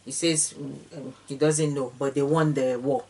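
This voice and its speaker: A woman's voice: a bass voice, fairly even intonation, moderate pace, dark tone. A woman retelling a Bible story in an informal way, with fillers and restarts, slipping into the characters' speech. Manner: slips into the characters' speech when quoting. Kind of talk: casual retelling of scripture.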